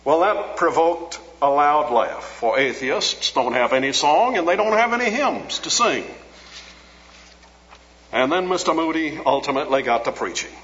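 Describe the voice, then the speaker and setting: A man preaching a sermon, retelling a story with dramatic rises for quoted lines and sinking low and soft when he prays. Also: very animated, normal speed. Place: large auditorium. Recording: dull lo-fi sound with long hall reverb.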